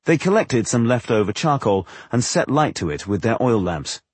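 A man reading a fantasy novel aloud as narrator, in a measured, expressive storytelling manner. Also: mid-range voice, breathy edge, no room sound. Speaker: audiobook narrator. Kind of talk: scripted narration.

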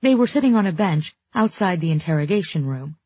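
A woman reads a first-person novel in a low, husky, mellow voice, wry and introspective. The recording is dry and a little dull and lo-fi. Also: expressive, a little fast, no room sound. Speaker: audiobook narrator. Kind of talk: first-person audiobook narration.

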